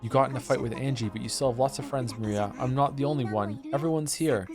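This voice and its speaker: Man voicing a soft, comforting stuffed lion friend, read aloud over music. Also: mid-range voice, fast talker, lightly acted. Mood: gentle. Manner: gentle and comforting. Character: gentle stuffed lion toy, devoted friend.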